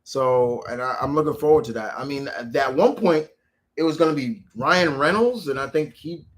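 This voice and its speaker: A man chatting casually as a channel host, rambling with frequent restarts and animated quoted asides. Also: mid-range voice, moderate pace. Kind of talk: casual chat.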